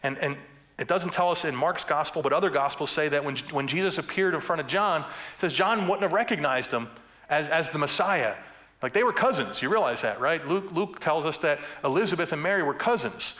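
A man's voice: on the high side, expressive, a little fast, pushed and bright. A man preaching a sermon as pastor, passionate and building to fervent emphasis, with playful humor between points.

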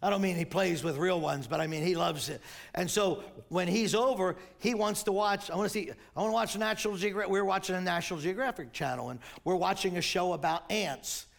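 An older man preaching a sermon as pastor, telling stories and quoting scripture, sometimes rising to shouts. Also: high voice, brisk, gravelly.

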